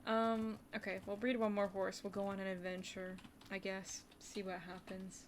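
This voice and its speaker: With a completely flat delivery at normal speed, a medium-pitched woman comments casually on a game during her livestream, addressing chat and sometimes whispering brief asides. Faint keyboard typing sits under slight background noise.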